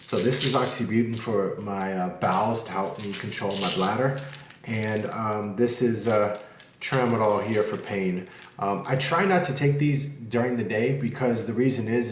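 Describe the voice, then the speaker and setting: A man on the low side of pitch vlogs at home, speaking candidly to the camera, rambling and cursing freely. The echoey recording carries a little hiss or hum.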